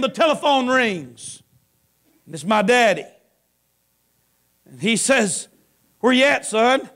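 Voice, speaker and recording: A middle-aged man preaching a sermon at a camp meeting, moving between impassioned shouting and hushed storytelling. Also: very high voice. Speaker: pastor.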